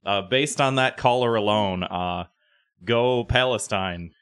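A man co-hosts a podcast, rambling and stopping to search for words. His voice is fairly low and dry, recorded close with no room sound. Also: takes it slowly, fairly bright tone, smooth, dry recording. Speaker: podcast co-host. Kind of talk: casual chat.

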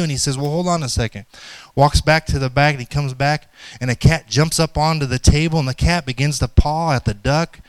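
A middle-aged pastor preaching a sermon in a smooth, resonant voice that sits a little higher than most men's. He tells a story and reads scripture, dragging out key words for effect. The sound is close and dry, with no room echo. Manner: storytelling, slows down for emphasis. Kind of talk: sermon with a joke and scripture reading.

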